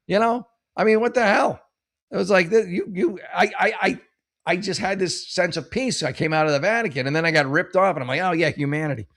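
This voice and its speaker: A man's voice: high-pitched, fairly quick, a bit bright. A middle-aged man hosting a casual advice show. He reads listener questions and rambles through jokes and personal stories, with many restarts. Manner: rambling, jokey, many restarts and self-corrections.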